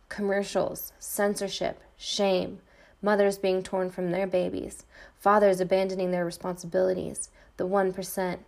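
Woman, middle-aged, podcast host, gravelly, flat delivery, defiant monologue. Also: lowish voice. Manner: intense, defiant, repeating refrains. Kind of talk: personal monologue, read from a script.

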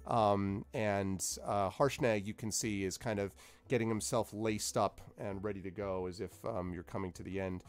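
A man's voice: fairly low pitch, steady tone, moderate pace, clean tone. A man narrating as game master of a tabletop game, rambling with many fillers.

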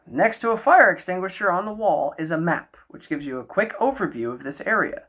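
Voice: medium pitch, lively intonation, fairly quick, a bit bright, slightly rough. Podcast host narrating a gamebook. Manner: reads in second person, laughs a lot. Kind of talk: scripted gamebook narration with banter. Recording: muffled lo-fi audio.

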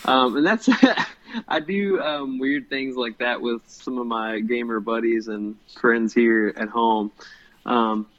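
A man's voice: mid-range voice, takes it slowly, a bit bright, lo-fi sound. A young man co-hosting a podcast in casual chat, rambling and hesitant with lots of ums. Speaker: podcast co-host.

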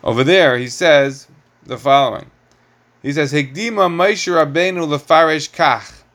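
A man's voice: fairly high pitch, measured pace, a bit bright. A middle-aged man teaching a Torah class, lecturing with rhetorical questions and lots of Hebrew terms.

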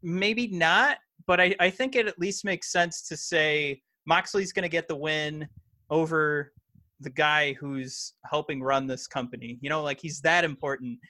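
On a laid-back wrestling podcast, this co-host speaks at a measured pace in a fairly high, sharp voice. He hesitates often, restarting sentences and using lots of fillers, and the audio has no room sound.

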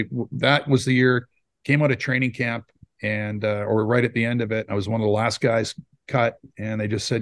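A man's voice: mid-range voice, no echo. A man in his fifties, a podcast guest telling rambling stories in a casual way. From Saskatchewan, Canada. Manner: rambling, acts out quotes. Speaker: podcast guest, former hockey player. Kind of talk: casual storytelling.

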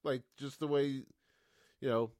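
A man's voice: mid-range voice, steady tone, a little slow, a little mellow, no echo. Male podcast co-host, mid voice, hedging and hesitant, dry sound. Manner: hesitant, hedging, lots of "you know". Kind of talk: casual podcast banter.

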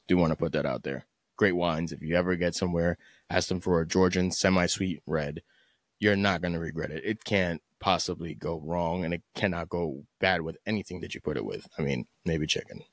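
A man's voice: low-pitched, dry recording, studio quality. A man hosting a podcast, giving blunt, opinionated, profane commentary in a casual solo talk. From United States. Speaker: podcast host.

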